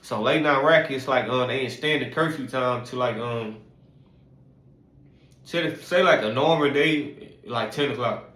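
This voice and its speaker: A man's voice: mid-range voice, unhurried, a bit bright. Rambling man, roomy echo. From Houston, Texas. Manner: rambling, heavy on fillers and street slang. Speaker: vlogger telling his life story. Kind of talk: casual storytelling.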